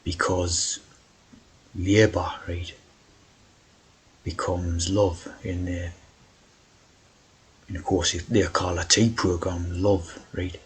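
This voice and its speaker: Deep, flat-voiced man rambling. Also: slow, pauses often, husky, low-quality recording. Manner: meandering, keeps asking "right?". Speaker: video host. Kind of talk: rambling monologue.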